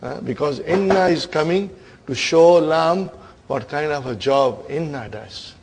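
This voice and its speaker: A man's voice: fairly high pitch, measured pace, creaky, background noise. A man teaching Arabic grammar to a class, quizzing students and often checking in with "huh?" and "are you with me?". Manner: playful storytelling teacher. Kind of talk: classroom lesson.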